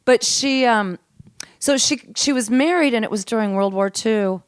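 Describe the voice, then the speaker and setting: A woman comedian telling a family story as a podcast guest, animated and given to laughter and swearing, dropping to a hush for the grim parts. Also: fairly high pitch, moderate pace, clean tone, no room sound, clean studio sound. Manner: laughs often, swears casually. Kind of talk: casual storytelling chat. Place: host's home.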